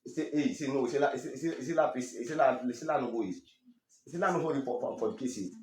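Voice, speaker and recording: A man with a Sierra Leonean Krio accent giving a halting, emotional personal testimony, stammering through restarts and growing animated when he quotes others. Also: medium pitch, echoey room, a little hiss or hum. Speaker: interviewee telling his story.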